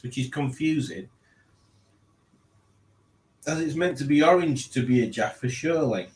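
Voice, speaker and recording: A man's voice: medium pitch, lively intonation, unhurried, pauses often, a little mellow. Chatty man streaming live. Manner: chatty, jokey, laughs often. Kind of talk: live stream reading chat aloud. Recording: roomy echo.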